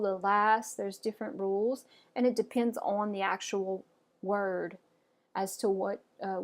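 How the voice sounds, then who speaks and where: A woman gives a French pronunciation lesson, modeling words clearly and waiting for listeners to repeat them. Her voice sits at an ordinary middle pitch. She sounds patient and upbeat and praises each attempt. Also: darkish tone. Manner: patient, encouraging, with frequent "okay?" and "all right". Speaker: French teacher.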